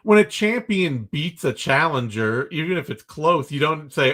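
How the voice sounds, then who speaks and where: A man's voice: on the high side, big pitch swings, normal speed, few pauses, fairly bright tone. A man hosting a fight podcast, chatting casually and joking with his co-host, opinionated and loose with fillers.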